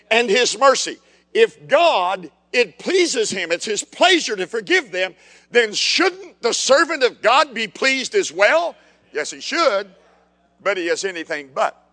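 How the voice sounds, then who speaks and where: A man's voice: high-pitched, pushed and bright, big-room sound. A man preaching a sermon in an emphatic, fiery way, piling up repeated words for force.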